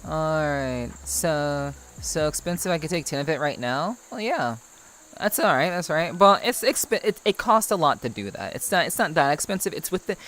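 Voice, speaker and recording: A woman's voice: deep voice, fairly bright tone, a little hiss or hum. A woman streamer talks loosely with her chat in a put-on Russian accent. She teases and lays down mock-stern rules, rambling between bursts of laughter. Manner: teasing, playfully stern, rambling with frequent laughs. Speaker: VTuber streamer. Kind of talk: casual livestream chat with viewers.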